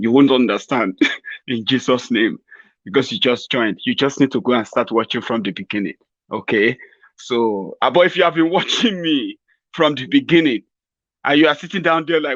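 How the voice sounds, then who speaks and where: A man's voice: medium pitch, animated, normal speed, fairly bright tone, dry recording, highs cut off. A Nigerian man giving a rambling, mocking satirical political commentary to his viewers. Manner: mocking, rambling, chuckles at his own jokes.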